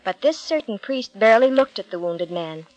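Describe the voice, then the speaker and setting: A woman narrating a Bible story with clear, measured storytelling. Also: mid-range voice, expressive, darkish tone, no echo, poor audio.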